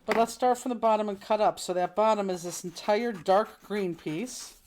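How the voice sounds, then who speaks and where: A woman's voice: medium pitch, moderate pace, darkish tone. A middle-aged woman teaching a live online crafting class, chatty and explaining each step as she works. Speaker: crafting instructor.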